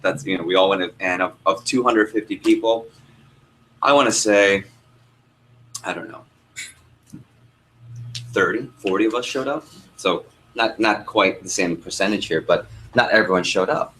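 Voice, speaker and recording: A young male trainer speaks to a live room of trainees in a slightly low voice. He tells stories and keeps asking the group questions. A faint hum of room noise sits under him. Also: normal speed, long pauses, rough recording. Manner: lively storyteller, asks the room questions. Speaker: sales trainer. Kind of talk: workshop teaching with a story.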